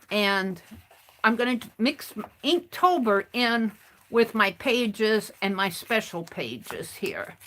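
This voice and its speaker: A woman's voice: fairly high pitch, fairly bright tone, slight background noise. A woman art streamer rambling through a story as she crafts, chatty and full of restarts. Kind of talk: casual storytelling while crafting.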